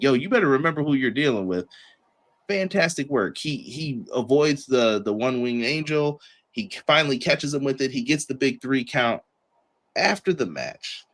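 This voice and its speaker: A man hosting a podcast, reviewing a wrestling show in a casual chat and acting out the wrestlers in quick put-on voices. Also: mid-range voice, a bit bright. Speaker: podcast host.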